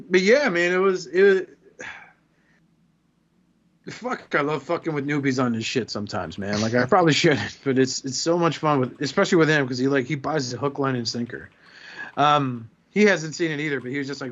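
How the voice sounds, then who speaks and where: Profane, animated male podcast host. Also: on the high side, brisk, no echo, highs cut off. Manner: profane, animated storyteller who acts out quotes. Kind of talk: casual podcast chat.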